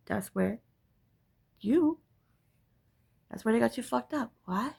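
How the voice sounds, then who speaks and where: A woman with a gravelly, husky voice pitched a little above the usual, delivering a profane rant to camera. She hammers her points with repetition and a constant "right?". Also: expressive, takes it slowly, long pauses, a little mellow. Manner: profane, emphatic, repeats phrases and asks "right?". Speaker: spiritual vlogger. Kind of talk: ranting monologue to camera.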